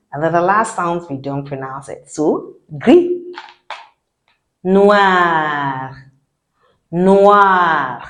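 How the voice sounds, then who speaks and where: A woman teaching a French lesson, saying each word slowly and repeating it for learners to copy. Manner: slow, deliberate, repeats each word with lively pitch. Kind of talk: language lesson with repeat-after-me drills.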